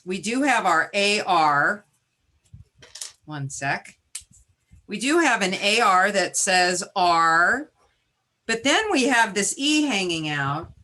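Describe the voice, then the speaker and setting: A woman teacher presenting a webinar, modeling a phonics lesson as she sounds out syllables slowly and makes chatty asides and self-corrections. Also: fairly low pitch, bright, forceful tone. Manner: slow, deliberate sounding-out of syllables.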